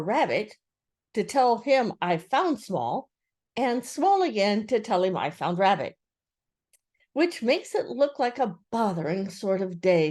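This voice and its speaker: A woman's voice: mid-range voice, darkish tone. An older woman expressively reading a children's book aloud as a storyteller.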